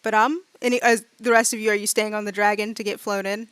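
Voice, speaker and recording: A woman narrating as game master, chatting loosely with lots of fillers and acting out quick bits of her characters. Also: medium pitch, level tone, a bit bright, clean tone, no room sound. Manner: chatty, many fillers, acts out side characters.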